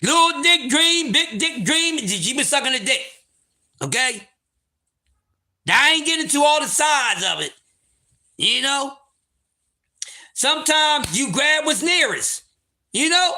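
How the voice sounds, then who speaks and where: High, bright, loud-talking man. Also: big pitch swings, unhurried, long pauses. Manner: loud, profane, laughing storyteller. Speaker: livestream host. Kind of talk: casual livestream storytelling.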